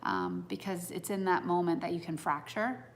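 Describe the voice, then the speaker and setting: A woman's voice: fairly low pitch, moderate pace, a little hiss or hum. A woman in her thirties giving a casual, reflective talk to an audience on personal growth, earnest and heartfelt as she muses aloud.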